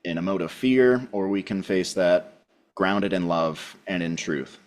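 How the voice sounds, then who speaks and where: A man speaking calmly and reflectively as a co-host in a casual spiritual podcast conversation. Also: low voice. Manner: calm, measured, reflective.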